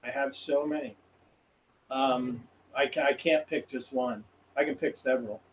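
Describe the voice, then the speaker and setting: A podcast guest tells a rambling story, laughing as he acts out what he said, with many restarts and quoted self-talk in a casual, animated way. His voice is medium-pitched at a moderate pace, and the poor audio carries slight background noise.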